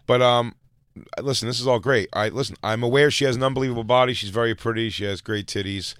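A man's voice: mid-range voice, steady tone, fast, a bit bright, clean tone, no room sound, clean studio sound. A man hosting a comedy talk show, telling stories in crude, brash banter and laughing often. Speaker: podcast host.

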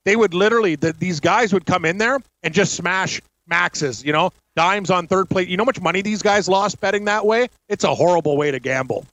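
A man's voice: high voice, a little fast, few pauses, fairly bright tone, no room sound, poor audio. A man co-hosting a betting talk show in casual chat, speaking in an emphatic, slangy way.

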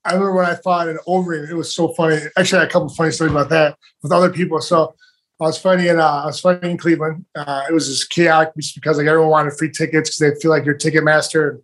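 A man's voice: a little high, racing. A man, a professional fighter, telling rambling stories in a casual interview and acting out what others said. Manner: rambling, animated, acts out quotes.

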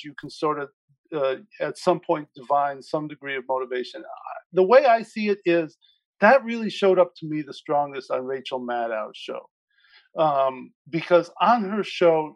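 A man's voice: a little high, rough recording. A man speaking as an interview guest, thoughtful and hesitant, with frequent restarts. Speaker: guest commentator. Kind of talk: conversational interview.

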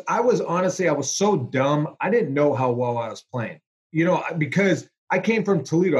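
A man, a former pro quarterback, telling stories in a relaxed interview with lots of fillers. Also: on the high side. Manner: animated, chatty storyteller with fillers. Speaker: former NFL quarterback, guest. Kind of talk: casual storytelling interview.

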